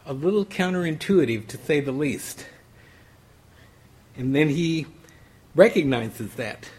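Guy preaching, husky voice kinda high, chatty with lots of restarts. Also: animated, measured pace, darkish tone. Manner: conversational, many restarts and "you know". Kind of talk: sermon.

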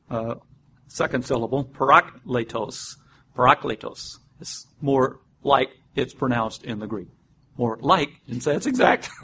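A man's voice: a little high, a little hiss or hum. Man teaching a Bible study, easygoing. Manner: unhurried, explains step by step, spells out words, with frequent "uh" and restarts.

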